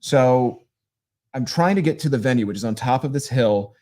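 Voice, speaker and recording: A man from northeastern Pennsylvania, a guest comedian telling road stories with a casual, profane, deadpan delivery. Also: mid-range voice, normal speed. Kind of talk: casual storytelling.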